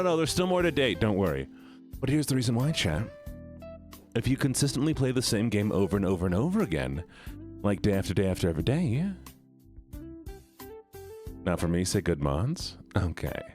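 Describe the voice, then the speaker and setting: A man streaming, chatting casually and playfully greeting his chat by name. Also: on the low side. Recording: faint background music. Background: faint music.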